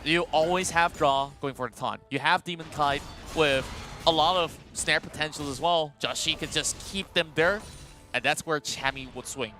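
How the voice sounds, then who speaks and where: A man casting a mobile esports match live, talking in an animated, chatty play-by-play style with frequent fillers. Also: on the high side. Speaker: esports caster.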